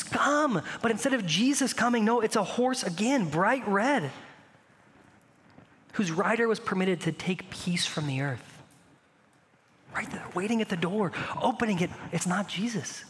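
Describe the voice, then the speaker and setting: A man preaching a sermon as pastor, conversational and animated, asking the congregation rhetorical questions. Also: sits high, big-room sound.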